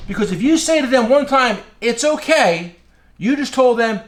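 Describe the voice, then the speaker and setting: A man's voice: very high-pitched, lively intonation, normal speed. A man who is an independent tool dealer, giving blunt casual advice, repeating his key phrases.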